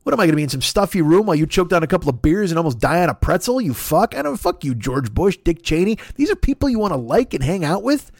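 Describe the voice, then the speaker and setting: Host, male, heated profane comedic rant, lively pitch, dry close sound. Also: fast, hardly any pauses, dry recording.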